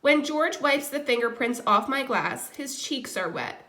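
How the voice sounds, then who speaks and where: Woman reading a kids novel out loud, casual asides, bright slightly high voice. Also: expressive, unhurried. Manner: casual asides between chapters. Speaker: audiobook reader. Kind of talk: reading a children's novel aloud.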